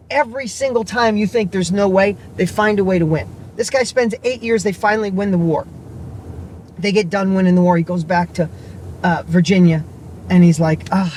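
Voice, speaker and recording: A middle-aged man, a vlogger and business coach, telling a motivational story in an excited, rambling, emphatic way. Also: high voice, a little hiss or hum.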